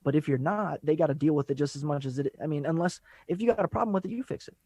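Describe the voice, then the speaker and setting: Man, podcast guest, casual chat, speaks quickly, easygoing, raised pitch. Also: darkish tone, dry recording. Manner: fast-talking, laid-back, laughs often.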